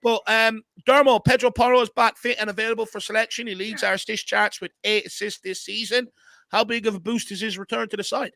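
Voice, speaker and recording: A man hosting a casual fan discussion show, chatting in a relaxed way and reading out viewer comments. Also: high voice, fairly quick, vocal fry, dry recording. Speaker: fan channel host.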